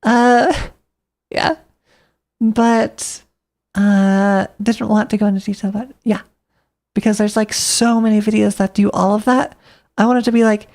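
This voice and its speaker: Woman streamer, loose rambling chat, gravelly fry in her voice, mid-range pitch. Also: fairly even intonation, a little slow, pauses often, darkish tone. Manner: rambling, thinking aloud, talking to herself.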